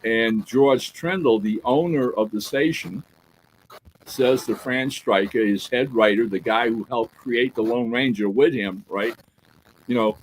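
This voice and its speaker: Animated man telling a story. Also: medium pitch, a little slow, a little hiss or hum, low-quality recording. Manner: animated storyteller who acts out quoted dialogue; peppers talk with "right?" and "all right?". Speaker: podcast co-host. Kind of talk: casual podcast chat.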